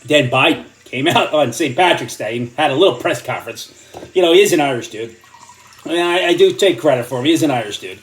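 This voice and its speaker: A man's voice: a little high, animated, fast. An older man delivering an angry, sarcastic comedic rant, often repeating words as he gets worked up. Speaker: comedic commentator.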